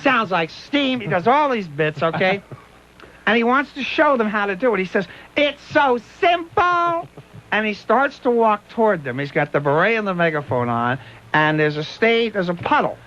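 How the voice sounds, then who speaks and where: Radio guy telling stories, high lively voice, lo-fi broadcast sound. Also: normal speed. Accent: Pittsburgh. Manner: animated, laughing, doing voices in quoted bits. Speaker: radio show host. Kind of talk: casual on-air storytelling. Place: radio studio. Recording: dull lo-fi radio broadcast recording.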